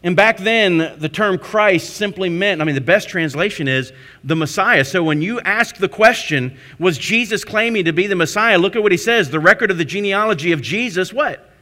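A man preaching a sermon, questioning his listeners and answering himself, with swings between loud emphasis and hushed intensity. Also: high voice, lively intonation, normal speed. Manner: asks the congregation questions and answers them himself. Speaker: pastor.

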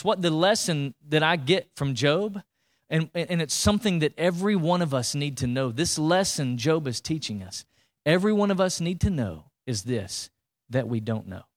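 A man preaching a sermon in a lively, colloquial way, full of rhetorical questions and asides to the congregation. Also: fairly high pitch. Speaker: pastor.

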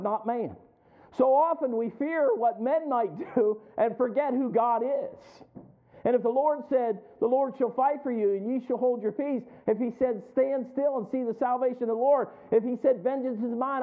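A male preacher with a fairly high voice delivers a sermon, quoting scripture and playfully acting out his listeners' thoughts. The recording sounds thin and phone-like. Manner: folksy, acts out the congregation's inner voices; laughs often between lines.

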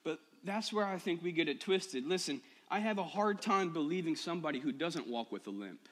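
A male pastor preaching a personal sermon to his church, moving from quiet confession to impassioned, rising appeals. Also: a little high, expressive, fairly quick. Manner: personal, builds to impassioned shouting. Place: church sanctuary.

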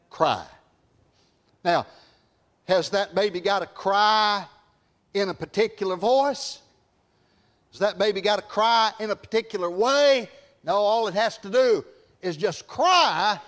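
A man with a high-pitched voice preaches to a congregation in church. His delivery is emphatic and folksy, full of repeated phrases that climb into shouts. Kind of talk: evening sermon to a congregation. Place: church service before a congregation.

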